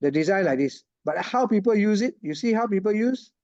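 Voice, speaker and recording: A man's voice: sits high, animated, brisk, darkish tone, dry recording, dull audio. A man giving a casual online lecture, chatty and laughing often, checking in with his students. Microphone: video call.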